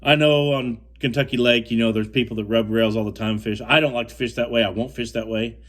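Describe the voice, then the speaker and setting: A young man from the United States tells a fishing story in a casual, rambling way. He restarts and repeats himself often, and his tone stays firm and indignant, at an ordinary mid pitch. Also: steady tone, brisk, a bit bright. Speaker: fishing co-angler telling a story.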